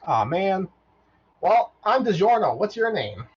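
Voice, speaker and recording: A bright, sing-song robot trivia host with a folksy, good-natured way of talking, put on by a man. His voice jumps high and bounces all over, with a husky edge. The mic sounds dull and lo-fi. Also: big pitch swings, a little slow, full character voice. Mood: friendly. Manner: chipper and folksy, with old-fashioned exclamations. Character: cheerful folksy male robot trivia master.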